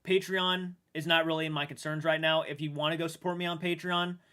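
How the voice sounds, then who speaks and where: A man streaming live and chatting with viewers, emotional and halting, restarting sentences and swearing now and then while sounding shaken. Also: on the high side, little pitch movement, bright, forceful tone, smooth. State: shaken and upset. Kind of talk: livestream chat with viewers.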